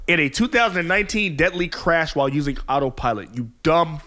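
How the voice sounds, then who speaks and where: An American man co-hosting a casual podcast, loud and joking, reading headlines and cursing freely. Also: fairly high pitch, brisk. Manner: loud, joking, profane, reads headlines aloud. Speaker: podcast co-host. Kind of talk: casual crude banter.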